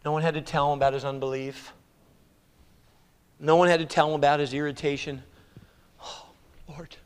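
A man preaching a sermon in an animated, exclamatory way, swinging between loud declarations and hushed passages. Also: a little high, a little fast, clear, resonant tone. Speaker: pastor. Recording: echoey hall reverb.

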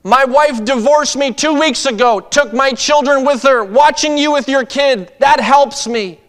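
A male preacher acting out a recently divorced man calling out to him across a park, loud and strained. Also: very high-pitched, a little slow, long reverb tail, voice pushed up. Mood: anguished.

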